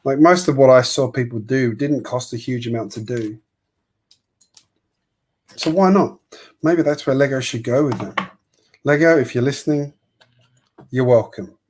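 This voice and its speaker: A man's voice: medium pitch, moderate pace, long pauses, a little mellow. A man hosting a livestream, chatting casually and rambling with opinions and frequent laughs while he builds. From Sydney, Australia. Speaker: livestream host building a toy kit.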